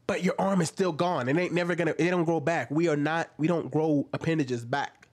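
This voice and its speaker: A man's voice: a little high, brisk. A man giving casual reaction commentary on a video, incredulous and full of rhetorical questions. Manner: animated and incredulous, rhetorical questions, mimicking asides.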